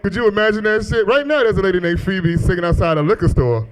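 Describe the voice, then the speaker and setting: Deep-voiced man doing profane stand-up. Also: quick pace, clear, resonant tone, poor audio. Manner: profane, animated storytelling with exaggerated quoted voices. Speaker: stand-up comedian. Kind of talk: stand-up comedy set. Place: comedy club stage with live audience. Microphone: handheld stage mic.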